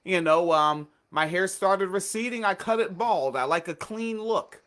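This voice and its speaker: A man's voice: sits high, unhurried, a bit bright. A man co-hosting a casual radio chat, blunt and profane, with a sarcastic, ranting way of talking. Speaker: co-host.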